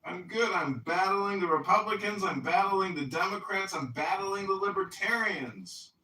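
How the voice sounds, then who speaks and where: A man chatting casually as a political candidate, greeting friends with booming warmth. His voice is bright and cutting. It comes through distant and echoey. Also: animated, moderate pace, slight background noise. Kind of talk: casual chat on a voice chat app.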